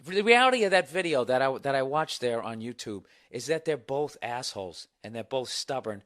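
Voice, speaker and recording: A man hosting a podcast, telling a story in a comedic monologue, profane and animated as he rants. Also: mid-range voice, moderate pace. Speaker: podcast host.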